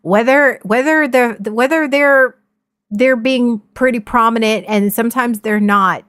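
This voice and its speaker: A woman's voice: a little high, a little slow, a bit bright, no room sound, clean studio sound. A woman co-hosting a livestream, talking frankly and emotionally in casual chat, swearing freely and often restarting her sentences. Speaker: streamer and co-host.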